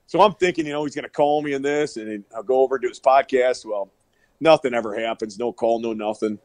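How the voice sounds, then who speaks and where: A middle-aged powerlifter guesting on a podcast, telling rowdy, profane stories and laughing often over a remote call that breaks up. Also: male voice, medium pitch, fairly quick, dry recording. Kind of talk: casual storytelling.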